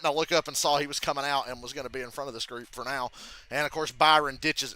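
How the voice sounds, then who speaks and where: Young male streamer, very bright tone, a bit high, excitable live race reactions, swears a lot. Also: fast, no echo. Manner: excitable, swears freely, thinks aloud.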